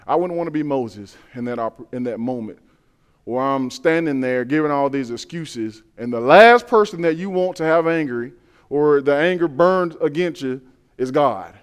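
A man's voice: a little high, clear, resonant tone. A man preaching a conversational sermon, acting out the Bible figures' lines with rising and falling intensity.

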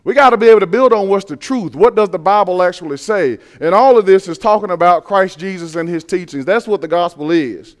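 A man's voice: high voice, brisk, few pauses. A man preaching a sermon to his congregation, talking emphatically, repeating his phrases and asking rhetorical questions.

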